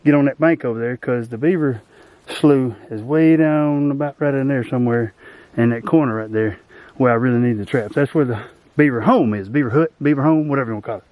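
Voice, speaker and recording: A man's voice: medium pitch, a little fast, darkish tone, dry recording. Folksy man vlogging outdoors. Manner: rambling, folksy, self-deprecating. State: out of breath. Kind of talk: casual outdoor vlog chat. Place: outdoors by a swampy creek, in a boat. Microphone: camera set up nearby.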